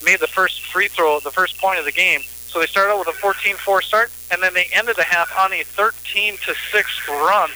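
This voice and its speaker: A man's voice: sits high, normal speed, hardly any pauses, sharp tone, a little hiss or hum, poor audio. A man announcing a girls' basketball game on local radio. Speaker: play-by-play sports announcer. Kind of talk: local radio sports commentary.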